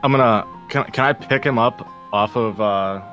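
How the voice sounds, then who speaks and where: A man's voice: mid-range voice, normal speed, pushed and bright, soft background music. A man playing a tabletop game, joking and flirting in character. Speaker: player. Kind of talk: casual tabletop play.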